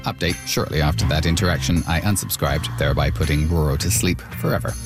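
A man's voice: rumbling low, fast talker, over loud music. A man hosting a podcast, narrating and chatting in a wry conversational way. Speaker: podcast host. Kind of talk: scripted narration and chat.

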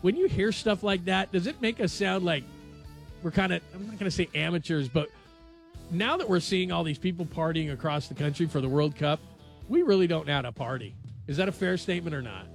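A man's voice: a little high, fairly quick, gravelly, soft background music. A man hosting a late-night radio sports show, chatting casually and joking with his co-hosts. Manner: animated, jokey, laughs often.

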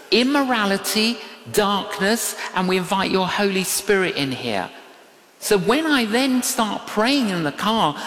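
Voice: medium pitch, fairly bright tone. An older preacher giving a sermon, telling a story with emphatic repetition and quoted dialogue. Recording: echoey hall with long reverb.

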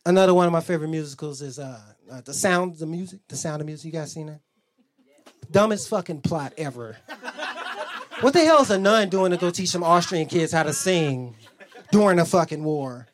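A man's voice: on the high side, animated, a little fast. A man doing a loose, rambling stand-up comedy set on a club stage, acting out bits.

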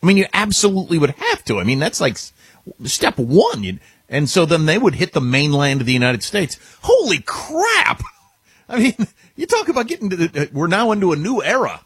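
Animated, jokey male radio co-host. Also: fairly high pitch, fairly quick, husky, no room sound. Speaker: radio talk show co-host. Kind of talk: casual radio banter. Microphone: studio microphone.

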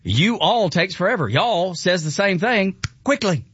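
A man's voice: high voice, very animated, measured pace, fairly bright tone, slightly rough, no echo, lo-fi sound. A man with a Southern US accent, hosting a casual chat, enthusiastic and often laughing. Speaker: show host.

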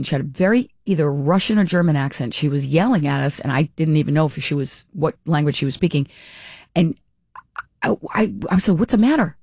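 A woman hosting a talk radio show tells a story in a chatty, animated way, tripping over and repeating her first words. Her voice sits in the middle of her range and comes through a close, dry studio mic with no room sound. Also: deep voice, no room sound. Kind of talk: casual radio chat and storytelling. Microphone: studio microphone.

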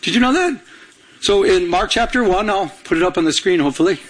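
A man's voice: sits high, expressive, fast talker, poor audio. A man preaching a sermon as pastor, urging the congregation on, repeating words for emphasis and asking them to finish his lines. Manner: urgent preaching with call-and-response questions to the congregation.

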